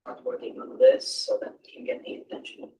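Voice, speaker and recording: A man's voice: fairly quick, dark tone. A man in the audience offers a rambling comment during a hospital Q&A. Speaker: audience member. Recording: distant from the mic.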